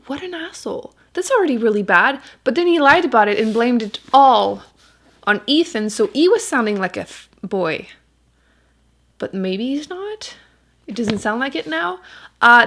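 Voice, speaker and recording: A woman's voice: fairly high pitch, fairly bright tone. A young woman book vlogger chatting casually, giggly and full of fillers. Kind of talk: casual reading vlog chat.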